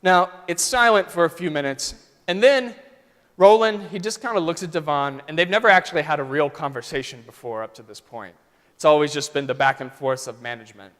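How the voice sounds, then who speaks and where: A man's voice: a little high, brisk, fairly bright tone. Man preaching in a ringing church. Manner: vivid, conversational storytelling. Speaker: pastor. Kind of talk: storytelling sermon. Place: church sanctuary. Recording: long church reverb.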